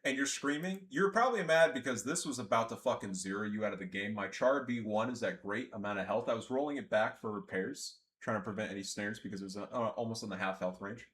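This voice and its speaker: A young man rants sarcastically through gameplay commentary, lurching from yelled outbursts to low mumbles. He talks at a quick pace with hardly any pauses.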